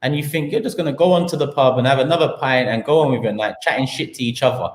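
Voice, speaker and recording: On a live-streamed football talk show, the host, a man with a London accent, gets heated and slangy as he stacks up his arguments. He speaks quickly at a mid-range pitch, and the room sounds echoey.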